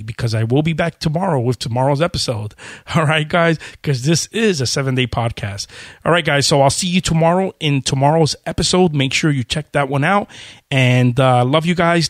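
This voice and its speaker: Fast, chatty male podcast host. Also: fairly high pitch, no room sound, studio quality. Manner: talks fast, chatty, with many fillers. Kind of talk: casual podcast outro.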